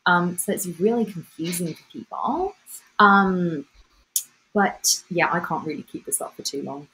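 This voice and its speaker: A woman's voice: fairly low pitch, animated, unhurried, pushed and bright, slight background noise, poor audio. A young woman from Bulgaria with an Australian-sounding accent, chatting playfully and swearing casually while signing autographs on a livestream. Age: young adult.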